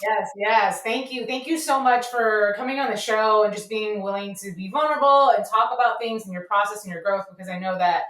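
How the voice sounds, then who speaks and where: A woman's voice: medium pitch, a little fast, hardly any pauses, a bit bright, roomy sound, recorded from a distance, low-quality recording. A woman co-hosting a podcast, thanking the guest graciously. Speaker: podcast co-host. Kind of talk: casual podcast chat.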